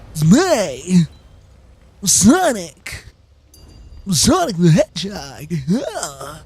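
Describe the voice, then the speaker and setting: A man's voice: sits high, a little mellow, breathy edge, full character voice. A man doing an impression of a cocky male cartoon hedgehog hero, with brash, showy self-introductions.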